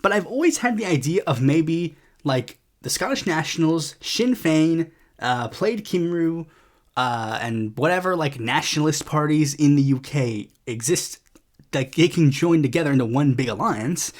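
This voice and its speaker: A podcast host talks through the news in a loose, rambling, sarcastic way, with plenty of swearing and filler words. The pitch sits in the middle but swings widely, rising and dropping all the time. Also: animated. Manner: acts out other people's lines in quick put-on voices. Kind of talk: casual political commentary.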